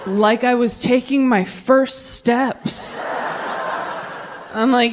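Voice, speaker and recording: A woman in her thirties performing a stand-up comedy set, with fast, sarcastic delivery and big character voices. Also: medium pitch, steady tone, slight background noise. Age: 30s.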